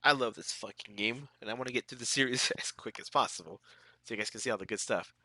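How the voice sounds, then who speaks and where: A man's voice: medium pitch, quick pace, sharp tone, breathy edge, dry recording. A man with a stuffy, sick-sounding nose chatting casually with his viewers while streaming a game, laid-back and laughing often. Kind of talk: casual live-stream chat.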